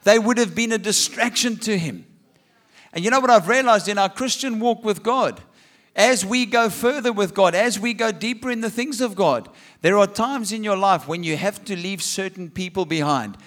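A man's voice: high-pitched, normal speed, a bit bright. A man preaching a sermon, reading scripture and asking rhetorical questions with humorous asides. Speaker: pastor.

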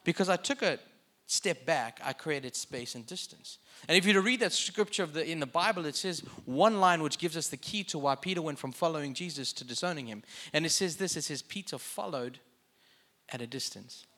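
Bright, forceful male preacher. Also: fairly high pitch, expressive, fairly quick. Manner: conversational preaching with joking asides. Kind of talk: sermon.

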